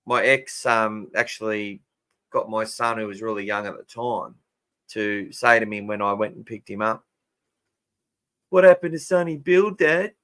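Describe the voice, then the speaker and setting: A man's voice: on the low side, level tone, moderate pace, sharp tone, clear, resonant tone. An Australian man hosting a casual fan podcast, chatting and answering listener comments. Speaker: podcast host.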